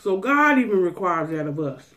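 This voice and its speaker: A woman's voice: lowish voice, very animated, a little fast, fairly bright tone. A woman food vlogger chatting casually to her viewers, folksy and preachy, giving them a pep talk.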